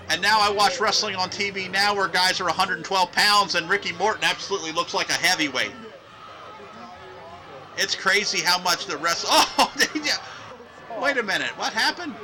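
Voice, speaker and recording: A man hosting and calling play-by-play over old wrestling footage, excitable, shouting on big moves and drifting into loose rambling asides. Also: high voice, noisy background. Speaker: host and wrestling commentator.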